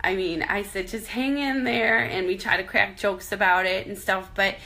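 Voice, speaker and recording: A woman sharing a painful family story in a personal vlog, tearful and halting, often restarting her sentences. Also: medium pitch, steady tone, pushed and bright. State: crying at times. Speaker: vlogger.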